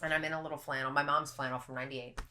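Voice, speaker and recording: A woman's voice: low voice, fairly even intonation, very fast, background noise. A young woman, a podcast guest, chatting casually and telling a vivid story bluntly, with some swearing. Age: young adult.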